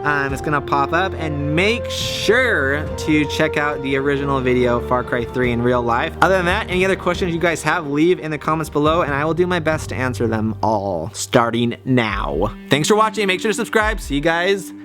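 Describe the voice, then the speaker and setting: A man's voice: on the high side, animated, normal speed, hardly any pauses, over music. A filmmaker hosting his channel, upbeat and stoked as he wraps up the video. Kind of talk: vlog sign-off.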